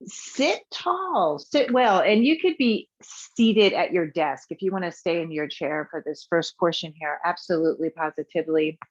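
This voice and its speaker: A woman yoga instructor leading a guided breathing and movement practice in a soft, calm way, her voice trailing off quietly on the exhales. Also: on the low side, moderate pace, hardly any pauses, lo-fi sound.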